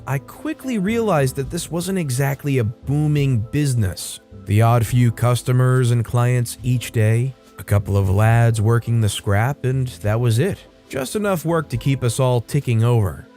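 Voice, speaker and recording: A man reading a first-person story aloud in scripted storytime narration, measured and expressive. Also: medium pitch. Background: faint background music.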